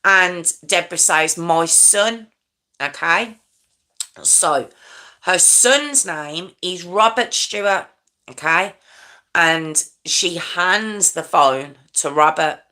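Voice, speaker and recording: A woman's voice: lowish voice, takes it slowly, pushed and bright. A woman hosting a true crime show, telling a case in a casual, conversational way and often checking in with her listeners.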